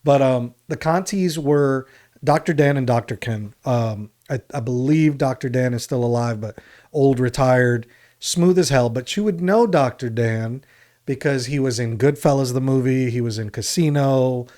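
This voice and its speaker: A man's voice: mid-range voice, moderate pace, a little mellow. Rambling male podcast storyteller. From New Jersey, USA. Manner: rambling storyteller, acts out other people's lines. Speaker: podcast co-host. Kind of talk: casual storytelling chat.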